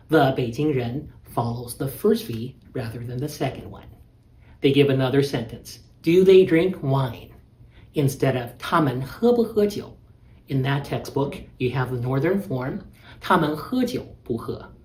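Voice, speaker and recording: A man's voice: fairly high pitch, darkish tone. Man lecturing patiently in an echoey room. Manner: patient, methodical, stresses key words. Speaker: language teacher. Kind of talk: explanatory lecture.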